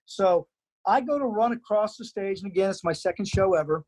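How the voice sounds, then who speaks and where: A man's voice: high-pitched, brisk, rough recording. A man, a stage actor and teacher, telling theater anecdotes in casual chat, restarting his sentences as he goes. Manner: animated anecdotes with stammered restarts.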